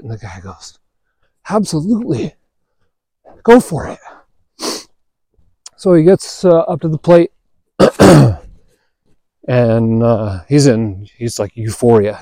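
A man's voice: medium pitch, dry recording, studio quality. Laid-back man telling a story. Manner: relaxed, chatty storyteller who acts out quoted dialogue. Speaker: podcast host. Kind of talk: casual storytelling monologue.

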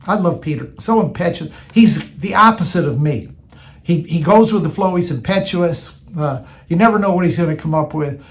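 High-pitched male preacher, casual sermon delivery, repeats lines for emphasis. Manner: conversational, repeats phrases for emphasis.

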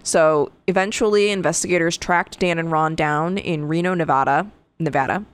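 A woman with a lowish voice tells a true crime story on a podcast. She reads through the case notes at an easy conversational clip and drops in blunt, swearing asides. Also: moderate pace, clean tone. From Connecticut. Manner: casual, profane, animated asides while reading case notes. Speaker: podcast co-host.

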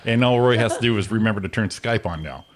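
A man's voice: fairly low pitch, quick pace, a crowd in the background. A man hosting a radio morning show, chatting casually and teasing his co-host in a rambling way. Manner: rambling, teasing, with many restarts. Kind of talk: casual chat. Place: studio. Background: music.

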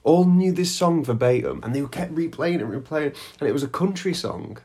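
A man co-hosting a podcast, telling stories in a casual chat with teasing, deadpan jokes. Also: a little high, a little fast, husky. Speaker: podcast co-host.

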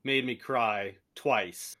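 A man's voice: mid-range voice, drawn-out words, over a noisy crowd. A man co-hosting a sports podcast, chatting casually with sarcastic, profane remarks. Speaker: podcast co-host. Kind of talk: casual chat.

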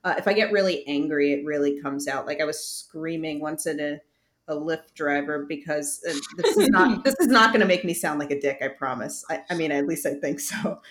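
A young woman with a faint Brooklyn accent hosts a casual podcast chat. Her voice sits a little low and she tells stories loosely, full of fillers and the odd swear. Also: fairly quick. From Brooklyn, New York. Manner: animated storyteller, swearing, many fillers. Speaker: podcast host.

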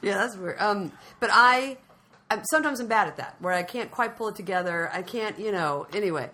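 Woman in her thirties, bright and forceful voice, rambling self-deprecating chat. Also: mid-range voice, a little fast. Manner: rambling, self-deprecating storyteller who acts out quotes. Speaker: actress guest. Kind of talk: casual chat.

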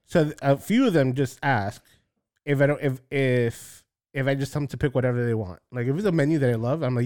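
A man's voice: brisk, a little mellow, dry recording. Man telling a rowdy story, dry sound. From South Florida. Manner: acts out quotes with jumps in pitch, swears freely. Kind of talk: casual chat, animated storytelling.

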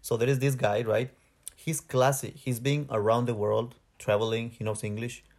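A man's voice: mid-range voice, steady tone, moderate pace, darkish tone. A man from Mexico with a Mexican Spanish accent, co-hosting a podcast in casual chat, rambling and correcting himself as he hunts for English words. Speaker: podcast co-host.

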